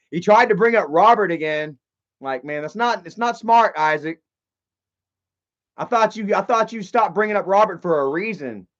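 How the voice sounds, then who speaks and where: A high-pitched man talks to his livestream chat, agitated and confrontational. He rambles with lots of fillers and restarts. The audio is dull and lo-fi. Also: expressive, unhurried, pauses often.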